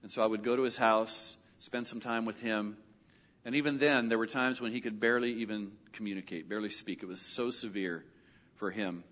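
A middle-aged male pastor telling a personal story in a sermon, animated and lively when he quotes other people. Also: lowish voice. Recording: dull audio with long hall reverb.

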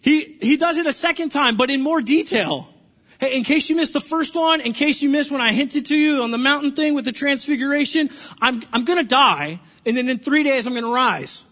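A man preaching a sermon, animated in his storytelling and acting out the quotes. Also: very high-pitched, a little fast. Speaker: pastor. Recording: dull lo-fi sound with long reverb.

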